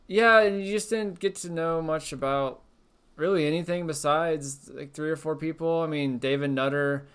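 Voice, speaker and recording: A man's voice: fairly high pitch, normal speed, a bit bright, clean tone. A man in casual podcast chat, a little tipsy, rambling and joking as he trails off.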